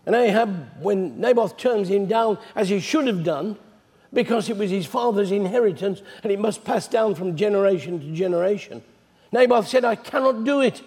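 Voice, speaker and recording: At normal speed and in a high pitch, a man gives a sermon that retells scripture stories in a chatty, animated, conversational way. The room adds a long hall reverb.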